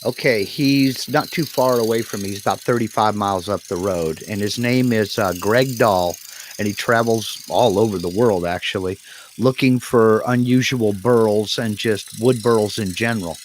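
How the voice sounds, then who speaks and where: A man's voice: on the low side, normal speed, slight background noise. A man co-hosting a live stream in a folksy, easygoing way, reading chat comments aloud. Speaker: co-host.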